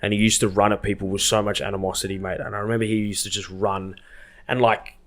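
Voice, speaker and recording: A young man in his twenties with an Australian accent, a podcast guest telling animated, self-mocking stories in casual slang. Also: on the low side, fast talker. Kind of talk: casual storytelling.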